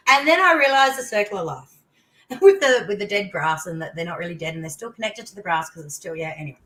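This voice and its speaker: An older woman with an Australian accent, a guest on an interview show, telling a personal story in casual chat with excited outbursts. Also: fairly low pitch, quick pace, low-quality recording. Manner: animated storytelling, voice leaping into exclamations.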